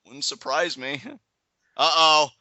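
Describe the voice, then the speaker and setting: A young man chatting excitedly in a live reaction, predicting what happens next and laughing often. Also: fairly high pitch, takes it slowly, no room sound, lo-fi sound. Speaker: guest co-commentator.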